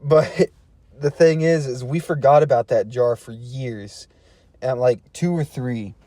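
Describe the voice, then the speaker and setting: A man's voice: medium pitch, slow pace, dark tone, dry recording. A man telling a funny personal story in a laid-back, slangy way, chuckling between phrases. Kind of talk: casual storytelling.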